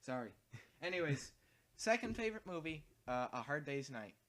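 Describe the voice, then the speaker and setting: A man co-hosting a podcast in casual chat, excitable and jokey, laughing often. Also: on the high side, moderate pace. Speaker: podcast co-host.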